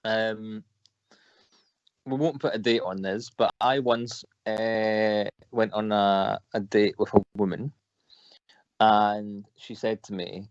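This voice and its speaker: A man's voice: on the low side, unhurried, no room sound. Laughing man telling stories. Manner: animated storyteller, laughs often. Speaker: co-host. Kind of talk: casual storytelling on a live stream. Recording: dry, slightly muffled mic.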